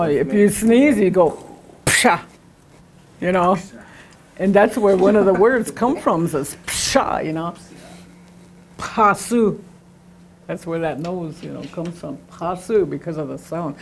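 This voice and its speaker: A woman's voice: fairly low pitch, gravelly, darkish tone. A woman teaching a language class, patiently repeating sounds to demonstrate them. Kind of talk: classroom lesson.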